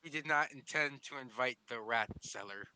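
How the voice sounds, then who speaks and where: A man's voice: medium pitch, normal speed, background noise. A man playing a tabletop game over voice chat, laid-back and self-deprecating. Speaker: player.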